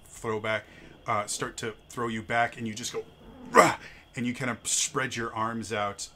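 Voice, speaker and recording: Bright-toned male game master. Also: lowish voice, slight background noise. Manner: halting, stuttering restarts. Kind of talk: narrating a tabletop game.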